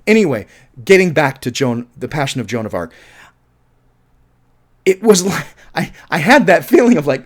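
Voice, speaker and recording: A man giving a casual, rambling film review, frank and profane, circling back and repeating himself when frustrated. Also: fairly high pitch.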